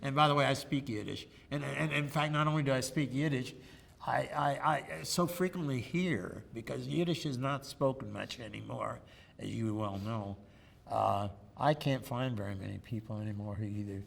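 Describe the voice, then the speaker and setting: An older man's gravelly, mid-range voice moves at normal speed as he tells personal stories, chatty and joking, for an oral history interview. The lapel-mic recording has faint ambience and long room reverb.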